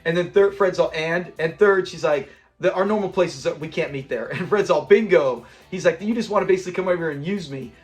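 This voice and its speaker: A man with a high voice gushes through an episode breakdown, slipping into the characters' lines as he recaps. Faint music sits under his talk. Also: quick pace. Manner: enthusiastic, acts out quoted lines. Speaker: channel host.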